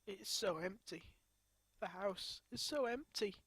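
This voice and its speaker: A woman crying as she talks to her camera in a grieving personal vlog, her speech halting and broken by sobs and restarts. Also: medium pitch, husky, no room sound. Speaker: vlogger.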